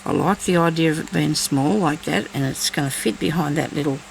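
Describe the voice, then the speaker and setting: A woman's voice: sits low, brisk, gravelly, a little hiss or hum, low-quality recording. A woman chatting casually while she crafts, thinking aloud and talking to herself as she works. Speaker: crafting vlogger.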